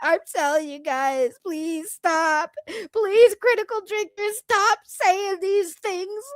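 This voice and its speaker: A woman putting on the voice of a whiny, tearful woman streamer who begs for pity, with slow, drawn-out mock crying. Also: very high voice, no room sound, voice pushed up. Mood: mock sobbing. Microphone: computer microphone.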